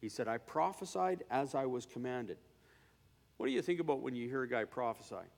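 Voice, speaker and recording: A man preaching a sermon in a conversational way, often asking "right?", who swings between loud declarations and quiet asides. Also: mid-range voice, expressive, a little fast, creaky, in a large hall. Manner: conversational, with fillers and tag questions.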